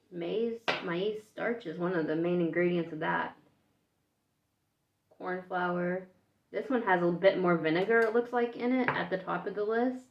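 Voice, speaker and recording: Woman from the US, casual food vlog, thinks aloud while tasting, roomy echo, slightly dull lo-fi sound. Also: mid-range voice. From United States. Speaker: food vlogger. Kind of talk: casual taste-test vlog. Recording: echoey room, dull lo-fi sound.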